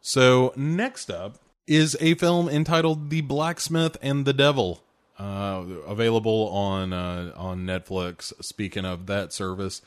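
A man hosting a casual film review, talking in a rambling, relaxed way with lots of "uh" and "um". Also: on the low side, slow, clean tone. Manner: rambling, relaxed, many fillers. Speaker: podcast host reviewing films. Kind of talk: casual chat.

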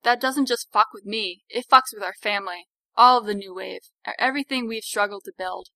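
A woman's voice: medium pitch, brisk, pushed and bright, no echo, poor audio. A woman voicing a sarcastic, principled young healer woman who lectures her sister. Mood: worried.

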